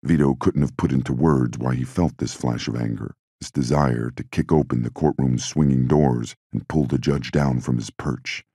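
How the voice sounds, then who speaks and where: A man giving measured, scripted audiobook narration into a close mic. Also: a bass voice, steady tone, dark tone, breathy edge, dry recording.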